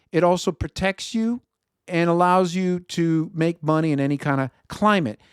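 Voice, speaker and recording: A man's voice: on the high side, clean tone, no room sound, clean studio sound. A man from Chicago with a Chicago accent hosting an investment show, talking casually through market commentary and correcting himself as he goes. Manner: conversational, reads viewer feedback, self-correcting.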